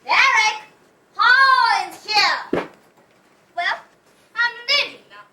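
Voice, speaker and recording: A young woman playing a wry wife leaving her husband in an amateur stage play, calm and matter-of-fact. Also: very high voice, very slow, noisy background, full character voice. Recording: echoey theatre from far off.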